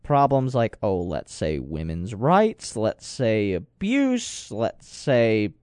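A man's voice: lowish voice, sing-song, slow pace, a little mellow, clear, resonant tone, dry recording, studio quality. A man giving rambling, digressive commentary with sarcastic asides. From United States. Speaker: political commentator. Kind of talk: casual talk commentary.

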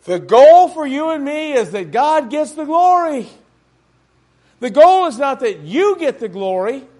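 A man's voice: very high voice, big pitch swings, a little slow, mellow. A man pastor preaching a sermon in a church, talking to the congregation with frequent rhetorical questions.

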